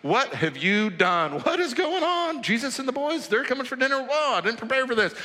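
A preacher doing a flustered housewife, her voice pitched high and sharp with disbelief at surprise guests. The lines ring in a long hall reverb. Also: sing-song, a little fast, heavily acted. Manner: flustered, incredulous.

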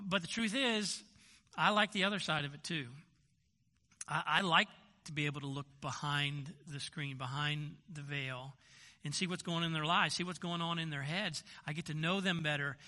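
A man's voice: a little high, pushed and bright. An older man, a grandfather and pastor, preaching a sermon in a conversational storytelling way, often restarting his sentences. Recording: long hall reverb.

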